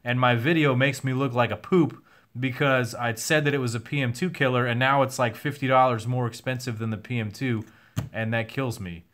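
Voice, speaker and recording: A man's voice: mid-range voice, fairly even intonation, a little fast, a bit bright. A young man answering viewer questions on a casual livestream, candid and a bit profane, his voice wearing out. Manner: candid, swears now and then, reads chat questions aloud. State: losing his voice.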